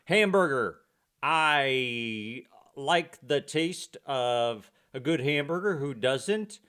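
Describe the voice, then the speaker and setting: A man co-hosting a podcast, giving joking, absurd quick-fire answers. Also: mid-range voice, animated, a bit bright, smooth. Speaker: podcast co-host. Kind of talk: casual chat.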